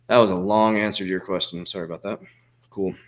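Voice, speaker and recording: Rambling, profane man in his forties, fairly low voice. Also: fairly even intonation, quick pace. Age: 40s. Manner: rambling, profane, frequent fillers and restarts. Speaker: crypto coach answering viewer questions. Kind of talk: casual livestream Q&A.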